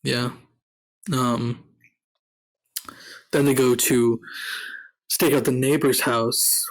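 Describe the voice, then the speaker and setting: Man, middle-pitched, podcast co-host, relaxed movie chat, short agreeing replies. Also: very slow, low-quality recording. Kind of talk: casual movie recap chat.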